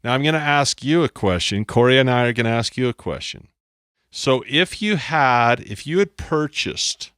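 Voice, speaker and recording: A man's voice: medium pitch, a bit bright, dry recording, clean studio sound. A man teaching a lesson at a board, playful and self-mocking, often repeating his phrases. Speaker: instructor. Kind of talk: explaining on a whiteboard.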